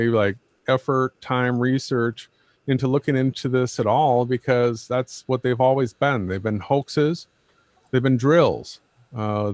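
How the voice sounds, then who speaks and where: A man's voice: mid-range voice, darkish tone, no room sound. Blunt, combative man on a dry mic. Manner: combative, blunt, repeats himself. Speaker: co-host. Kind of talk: casual livestream talk.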